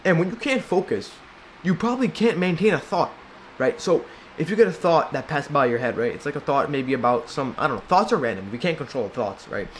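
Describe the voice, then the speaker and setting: A young man in a casual advice vlog, rambling and swearing a lot, full of filler and slang, and now and then mocking people in high squeaky put-on voices. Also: expressive, fairly quick, a little hiss or hum. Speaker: self-help video maker.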